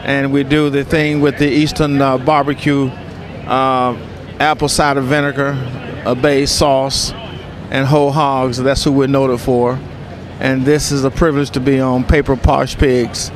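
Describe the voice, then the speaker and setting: A man from Eastern North Carolina, a pitmaster speaking in a courtly, flattering way outdoors at a food festival. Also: medium pitch, a little slow. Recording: noisy outdoor festival sound.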